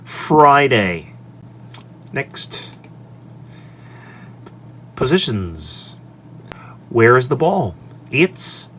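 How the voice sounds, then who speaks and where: Man, English teacher, upbeat, clear example sentences, mid-pitched voice, faint hum behind. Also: sing-song, drawn-out words, long pauses, a bit bright. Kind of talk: walking through lesson slides. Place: his office. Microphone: desk microphone on an extension arm.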